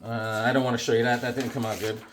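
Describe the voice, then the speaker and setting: A man casually showing his drawings and comics to viewers, animated and jumping into quick silly voices. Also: mid-range voice, background noise. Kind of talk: casual chat to camera.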